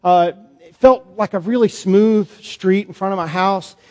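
Priest doing a bible monologue, kinda high voice, big church echo, chatty and halting. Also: male voice, dark tone. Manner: storytelling, conversational, halting with fillers. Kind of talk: dramatic monologue as Peter in a sermon. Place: church sanctuary. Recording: long church reverb.

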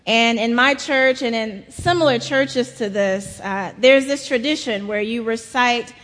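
A middle-aged woman from South Carolina, preaching a sermon in a slow storytelling manner. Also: a little high, fairly bright tone, long reverb tail. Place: large church.

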